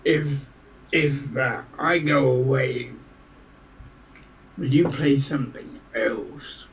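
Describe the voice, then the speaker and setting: A man's voice: mid-range voice, slow pace, vocal fry, distant mic. A man voicing a simple, blunt male orc adventurer at a tabletop game.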